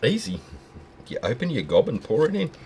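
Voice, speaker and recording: A man hosting a fluid art session, bantering and teasing as he paints. His pitch swings widely from low to high as he jokes around. A faint hiss sits under his voice. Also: wildly swooping pitch, brisk, a little mellow. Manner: joking, teasing, laughs often. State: hot and tired. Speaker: fluid art channel host. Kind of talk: casual banter while painting.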